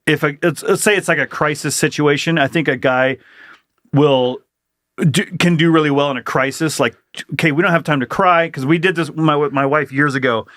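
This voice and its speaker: A middle-aged man talks on a podcast in plain, halting sentences, often restarting his thought. His voice sits a little high and dry, close to the mic. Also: steady tone, a bit bright, no echo. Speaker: podcast co-host. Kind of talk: casual chat.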